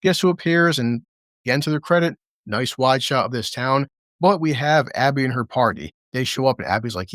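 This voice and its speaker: A man's voice: medium pitch, lively intonation, fairly bright tone, no echo, studio quality. A man giving a crude, sarcastic casual review of a TV episode, sometimes slipping into mocking character voices. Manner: impersonates characters in quick asides. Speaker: TV show reviewer.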